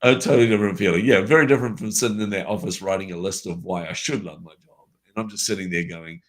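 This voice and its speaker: A middle-aged man with a very low voice speaks in an unscripted conversation. He tells stories earnestly, often restarting sentences and adding fillers along the way. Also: quick pace, a bit bright. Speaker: podcast co-host.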